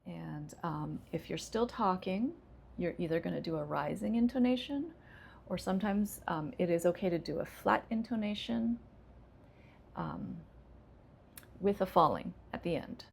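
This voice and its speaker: A woman ESL teacher, calmly explaining English intonation with frequent fillers. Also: lowish voice, creaky, a little hiss or hum. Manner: relaxed, explains slowly with many fillers.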